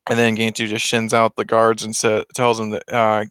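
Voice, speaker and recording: A man retelling a film in a casual, excited, rambling way with many restarts. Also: lowish voice, normal speed, few pauses, clean tone, no echo.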